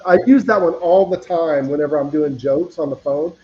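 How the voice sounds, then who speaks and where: A man's voice: a little high, normal speed, a little mellow. A man raised in the US South, hosting a podcast and telling stories in a chatty way with many restarts. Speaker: podcast host. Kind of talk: casual chat. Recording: roomy, dull lo-fi sound.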